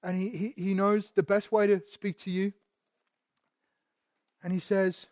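A man preaches a sermon, repeating phrases and posing rhetorical questions, at times sinking to a hush and at times building to loud. His voice sits high with a level tone, a little slow, with long pauses, in a dry recording.

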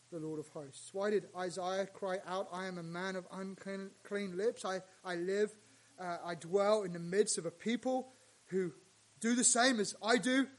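A male pastor with a high-pitched voice preaches a sermon. He drops to hushed lines and then rises to loud, emphatic ones.

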